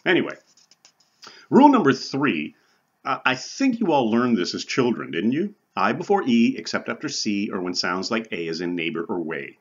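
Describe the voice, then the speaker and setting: For online viewers, a man delivers a recorded college English lecture conversationally, his fairly low voice swinging widely in pitch at a moderate pace with a breathy edge. He keeps checking in with "right?" and "okay?" and chuckles now and then, sweating from the heat. The recording sounds muffled.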